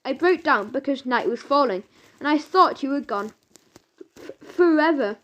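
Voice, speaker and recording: A woman's voice: high voice, animated, moderate pace, a bit bright. A woman voicing an apologetic older sister in a children's audiobook, speaking earnestly. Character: remorseful older sister, once bossy girl.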